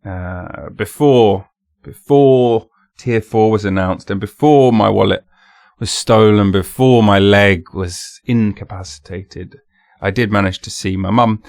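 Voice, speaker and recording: A man with a fairly low voice talks straight into a dry, close microphone. He hosts his own podcast in a loose, rambling monologue. He pokes fun at himself and slips into daft voices. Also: unhurried, creaky, darkish tone, no room sound. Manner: rambling, self-mocking, jumps into silly voices. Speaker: podcast host. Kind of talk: casual solo monologue.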